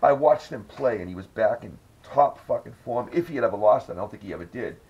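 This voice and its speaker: A man's voice: medium pitch, expressive, fast talker, husky, lo-fi sound. A man hosting a podcast, telling rambling, profane stories in casual chat. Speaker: podcast host.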